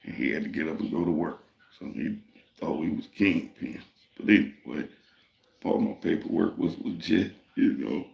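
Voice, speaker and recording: A deep, gravelly man tells a long story in a loose, profane, streetwise way. His voice rings a little in an echoey room. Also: moderate pace, darkish tone. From Detroit, Michigan. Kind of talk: casual storytelling.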